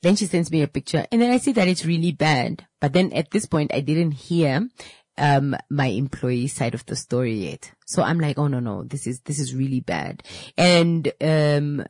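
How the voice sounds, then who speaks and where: Salon owner, woman, animated storyteller with a husky, dry voice that restarts her words. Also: sits low, normal speed, dry recording. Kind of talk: casual storytelling to camera.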